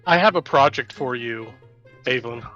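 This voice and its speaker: A man's voice: mid-range voice, normal speed, pushed and bright. A man chatting casually as a player at a tabletop game, loose and full of fillers. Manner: loose, filler-heavy, friendly. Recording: dull lo-fi audio with faint music.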